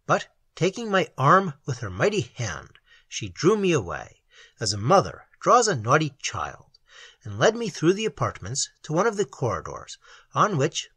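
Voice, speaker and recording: A man narrating a classic novel as an audiobook, in a measured and expressive literary reading. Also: on the high side, breathy edge, dry recording.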